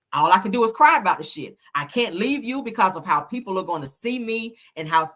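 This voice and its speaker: Mujer de voz brillante comentando letras. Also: female voice, fairly low pitch, a bit bright. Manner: reads lyrics aloud, then comments in slangy asides. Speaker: host. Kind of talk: casual commentary.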